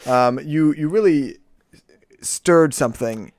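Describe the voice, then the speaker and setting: A man's voice: a little high, takes it slowly, darkish tone, no room sound. A young man co-hosting a podcast, telling rambling stories in a sardonic, casual way. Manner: rambling, sardonic, laughs often. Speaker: podcast co-host. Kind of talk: casual storytelling chat.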